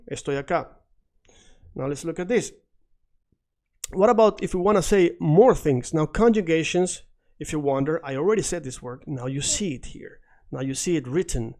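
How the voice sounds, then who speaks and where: Brief: male language teacher, slightly high voice, patient drilling delivery. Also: darkish tone. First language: Spanish. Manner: explains step by step, repeats and drills phrases. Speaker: Spanish teacher. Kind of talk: recorded language lesson.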